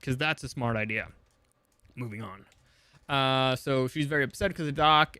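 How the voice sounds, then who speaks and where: A man's voice: medium pitch, normal speed, long pauses, pushed and bright, clean tone, no room sound. A man recapping a movie in a casual, sarcastic way, swearing often and rambling with lots of fillers. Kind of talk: casual comedic film summary.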